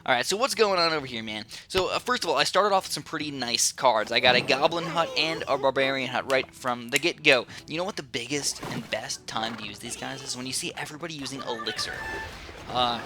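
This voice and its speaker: A man giving casual, rambling commentary over his own gameplay, bursting into sudden excited exclamations. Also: mid-range voice, brisk. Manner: rambling, with many fillers. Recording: clear music under the voice. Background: background music.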